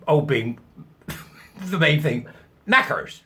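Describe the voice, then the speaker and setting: A man's voice: fairly high pitch, very animated, normal speed, vocal fry, fairly bright tone. A middle-aged man hosting his own show, talking in a chatty, sarcastic way and laughing at his own jokes. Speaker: host. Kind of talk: casual commentary.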